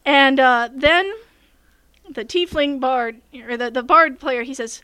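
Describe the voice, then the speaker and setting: A woman's voice: high-pitched, slow, pushed and bright, clean tone, no room sound. A woman who runs tabletop games, telling a long story in casual chat, full of fillers and restarts. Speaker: game master telling a story.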